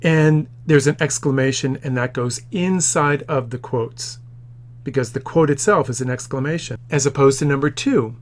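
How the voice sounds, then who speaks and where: A man in his office teaching a grammar tutorial, explaining patiently and acting out quoted lines with the odd loud shout. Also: mid-range voice, moderate pace.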